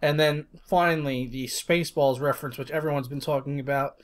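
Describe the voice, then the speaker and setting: A young man co-hosting a podcast, chatting casually, relaxed, laughing and swearing now and then. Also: a little high, fairly quick. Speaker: podcast co-host. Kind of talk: casual chat.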